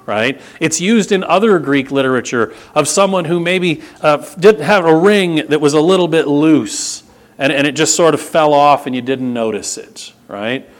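A middle-aged pastor giving a sermon in a church, conversational and repetitive, swinging between loud emphasis and hushed intensity. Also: male voice, on the high side, moderate pace. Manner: repeats words, frequent restarts and asides to the congregation.

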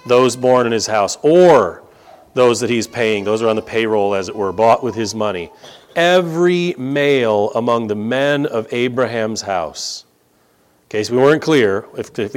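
Guy preaching a sermon, hammers phrases again and again, lively up and down voice. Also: medium pitch, normal speed. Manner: emphatic, repeats key phrases for stress. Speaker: pastor.

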